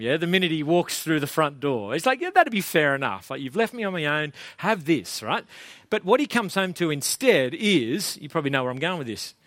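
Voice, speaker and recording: A man's voice: fairly high pitch, a bit bright, dry recording. Casual male pastor preaching. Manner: casual, chatty, self-deprecating. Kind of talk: sermon.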